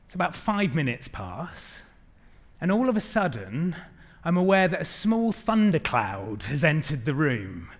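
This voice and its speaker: A man in his thirties giving a lively, engaging conference keynote on a stage mic, speaking to a large hall. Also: a little high, unhurried. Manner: lively, engaging, directs the audience.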